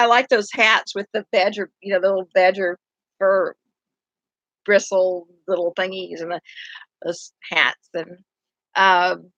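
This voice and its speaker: A woman's voice: mid-range voice, a bit bright, no echo. A middle-aged woman, a city council candidate talking casually and earnestly. She sounds tired and rambles, often restarting her sentences. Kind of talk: casual monologue. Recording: dull lo-fi, dry sound.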